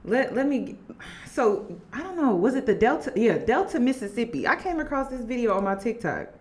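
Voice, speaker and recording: A woman giving casual commentary to her viewers, animated and laughing as she talks. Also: fairly high pitch, a little fast. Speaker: commentary vlogger.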